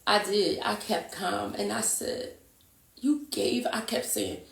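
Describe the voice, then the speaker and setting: A woman telling a painful personal story in a halting, emotional way, often repeating herself and acting out what people said. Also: medium pitch, fairly even intonation, vocal fry. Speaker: guest telling her story. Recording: echoey room, voice from a distance.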